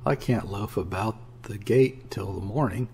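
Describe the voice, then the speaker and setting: Man reading as a brash young sailor, blunt, rough-spoken, low husky voice, storybook. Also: a little slow, warm tone, full character voice. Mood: blustering. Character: boisterous young male sailor, scornful and swaggering.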